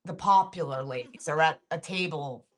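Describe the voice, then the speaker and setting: A woman's voice: deep voice, normal speed. A middle-aged woman telling a story in a casual podcast chat, acting out the people in it and often laughing. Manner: animated storyteller, acts out quotes, laughs often. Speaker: podcast co-host.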